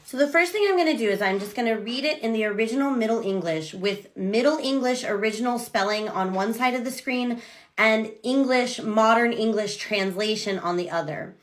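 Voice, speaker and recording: A woman's voice: mid-range voice, bright, forceful tone. An American woman professor talking casually to camera, enthusiastically explaining step by step. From United States. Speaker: literature professor. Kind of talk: casual educational talk to camera.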